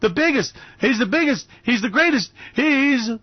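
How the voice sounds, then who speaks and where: A male radio host gives sarcastic, theatrical commentary, gushing in mock praise. His voice sits fairly high, and the recording is dry with a slightly dull tone. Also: lively intonation, moderate pace, no echo.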